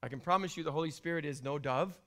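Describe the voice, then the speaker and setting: A middle-aged male pastor preaches a sermon in a high, bright voice, talking fast. He's animated, dropping to hushed whispers and rising into loud bursts.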